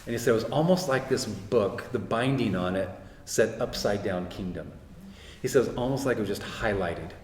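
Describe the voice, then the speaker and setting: With a low, darkish voice and a brisk pace, a middle-aged man appears as a guest speaker. Chatting casually, he earnestly recounts a faith story full of quoted dialogue, and the sound has roomy hall reverb with faint ambience.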